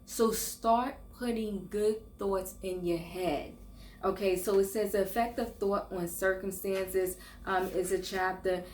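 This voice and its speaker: A woman's voice: medium pitch, measured pace, slight background noise. Earnest older woman vlogging in echoey room. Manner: earnest, encouraging, with restarts and stumbles. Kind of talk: casual faith and self-help vlog.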